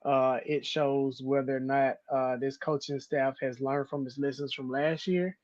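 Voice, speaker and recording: A man co-hosting casual sports talk, measured and calm, with hesitant fillers. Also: medium pitch, dry recording, lo-fi sound. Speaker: co-host.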